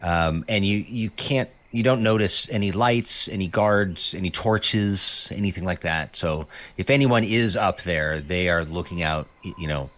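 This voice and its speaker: Low voiced guy running a tabletop rpg, laid back, lots of ums. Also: a little slow, hardly any pauses. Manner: relaxed, loose narration with fillers. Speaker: game master. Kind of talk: narrating a tabletop game.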